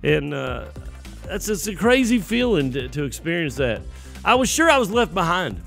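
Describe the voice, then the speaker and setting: A man's voice: fairly high pitch, very animated, moderate pace, gravelly, a bit bright, soft background music. A man preaching a sermon, telling folksy stories and acting out the voices in them. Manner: folksy storytelling with acted-out voices.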